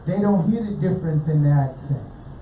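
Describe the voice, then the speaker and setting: A woman's voice: normal speed, mellow. A woman hosting a casual radio show, chatting with guests and asking for donations. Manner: chatty, asks questions, drifts into pitches for donations. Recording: roomy, distant mic, faint noise.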